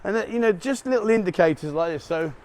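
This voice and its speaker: A man's voice: high voice, lively intonation, fast talker, a little mellow. A middle-aged man, a vlogger, chatting and joking as he walks outdoors along a city street at dawn, recorded on a handheld camera. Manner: chatty, joking, chuckles at his own remarks. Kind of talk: walk-and-talk street vlog.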